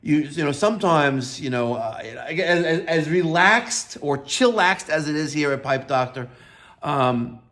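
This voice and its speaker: A man's voice: fairly high pitch, expressive, a little slow, a bit bright. A middle-aged man from New York who owns a plumbing business, talking unscripted with lots of fillers and self-corrections. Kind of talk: unscripted video talk.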